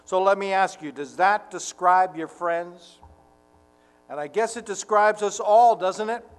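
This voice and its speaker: Male pastor, high voice, unhurried fervent sermon delivery, long church reverb. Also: clean tone. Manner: earnest, slow and deliberate, swelling to fervent emphasis.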